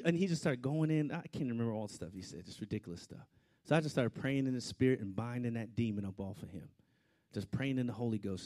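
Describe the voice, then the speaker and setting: A man preaching a storytelling sermon, swinging between loud outbursts and hushed asides. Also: medium pitch, quick pace.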